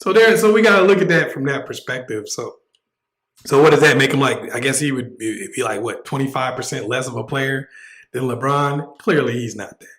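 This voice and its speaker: A man's voice: mid-range voice, fairly quick, fairly bright tone, roomy sound, rough recording. A man hosting a casual livestream, talking bluntly and joking as he preaches his point. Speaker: livestream host.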